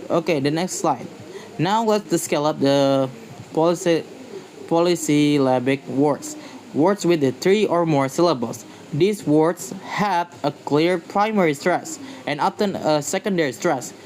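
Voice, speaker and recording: A man's voice: on the high side, unhurried, a little mellow, slight background noise, poor audio. A man giving a slide-based pronunciation lecture, speaking carefully and repeating example words to model their stress.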